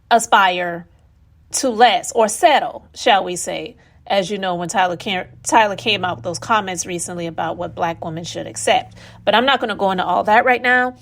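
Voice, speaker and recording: Woman commentator, reaction channel host, opinionated and casual. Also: medium pitch. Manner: opinionated, conversational, sometimes quick.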